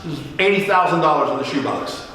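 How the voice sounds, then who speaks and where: Joking pastor in an echoing church hall. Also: male voice, on the high side, fairly quick, slight background noise. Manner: joking, animated storyteller who acts out dialogue. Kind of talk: storytelling sermon. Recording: echoey church hall from a distance.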